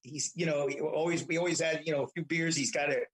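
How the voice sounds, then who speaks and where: A man with a higher-pitched voice tells old family stories as a guest in casual conversation. He keeps restarting his sentences and repeating words as he goes. He sounds middle-aged. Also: fairly even intonation, fast talker, poor audio. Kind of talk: casual storytelling.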